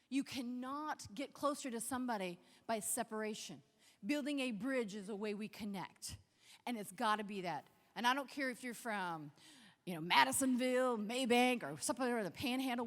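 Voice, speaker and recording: A woman's voice: a little high, long reverb tail. A woman giving an interactive motivational keynote on a large convention stage, leading the crowd in call-and-response. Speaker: keynote speaker.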